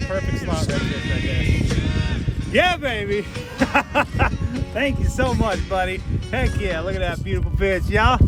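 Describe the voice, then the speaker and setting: A man, excitedly narrating his fishing out on the water in a hyped, exclamatory way. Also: high voice, rough recording. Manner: hyped and exclamatory, keeps shouting "heck yeah, baby". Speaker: fishing vlogger. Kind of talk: excited play-by-play while fishing. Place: outdoors on a kayak on open water. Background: loud background music.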